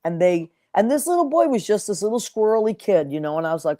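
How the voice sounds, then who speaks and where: A woman's voice: medium pitch, sing-song, fast talker, mellow, no room sound. Woman host telling stories, dry sound. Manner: emotional storyteller, acts out quotes. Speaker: podcast host. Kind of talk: casual interview chat.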